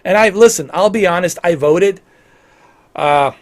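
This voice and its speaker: Chatty forties man, slightly high voice. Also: measured pace. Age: 40s. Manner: rambling, repeats "man" and "you know"; earnest and opinionated. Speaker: livestream gamer. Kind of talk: casual livestream chat.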